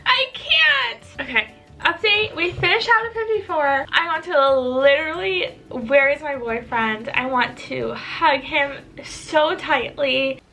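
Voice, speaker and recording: Gushing high bright-voiced young woman. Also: a little slow. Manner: gushing, emotional, breathless. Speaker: vlogger. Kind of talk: casual reading vlog.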